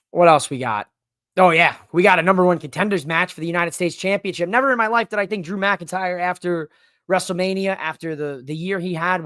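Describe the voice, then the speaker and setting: A man's voice: high-pitched, fairly bright tone, no room sound, studio quality. Hyped man rambling through a wrestling recap. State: out of breath. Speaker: wrestling show host. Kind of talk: solo livestream recap chat. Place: home studio in a living room. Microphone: livestream mic.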